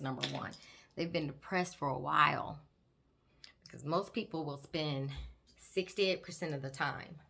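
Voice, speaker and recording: A woman with a low, gravelly voice that still has a bright edge. She talks in an animated, chatty way, speaking directly to her viewers as a nurse host while putting on her makeup. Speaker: host, psychiatric nurse practitioner. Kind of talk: casual educational chat while doing makeup. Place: home, doing makeup on camera.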